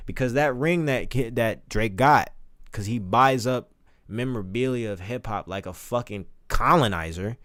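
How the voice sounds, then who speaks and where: A man streaming casual, animated, profane commentary, reading lyrics aloud between remarks. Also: medium pitch, moderate pace.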